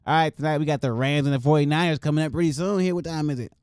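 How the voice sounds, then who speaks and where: A man's voice: on the high side, steady tone, rapid-fire, a little mellow, smooth, dry recording, studio quality. A young man hosting a sports podcast, talking casually and loosely, joking and swearing a lot as he runs through games. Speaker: podcast host.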